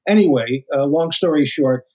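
A man's voice: fairly high pitch, moderate pace, husky, low-quality recording. An older man, a former agent, telling stories in an interview with many restarts. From United States. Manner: animated anecdotes, acts out quoted voices, many restarts. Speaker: guest, former FBI agent. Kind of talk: storytelling interview talk.

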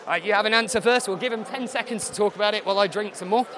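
A man hosting a live quiz show in a deadpan, sarcastic way, slightly hoarse as he loses his voice. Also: high-pitched, racing, crowd noise. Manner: deadpan sarcasm, teasing the audience.

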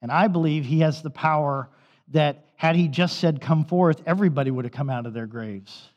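A male pastor delivers a sermon in a conversational, storytelling manner, his voice sitting a little high for a man. The sound is somewhat dull and muffled, and it rings with the long reverb of a church sanctuary. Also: brisk.

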